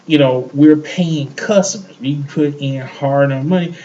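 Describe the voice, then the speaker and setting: A man's voice: on the high side, unhurried, dark tone, muffled recording, slight background noise. A man co-hosting a show, ranting in heated casual chat, swearing often and repeating himself. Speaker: podcast co-host.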